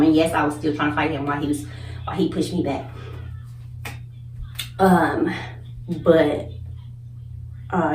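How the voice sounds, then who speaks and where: A young woman vlogger telling a story in casual chat, animated, cursing and acting out the people in it. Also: lowish voice, slight background noise. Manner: animated, swearing, laughing, acts out others' voices. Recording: echoey room, mic at a distance.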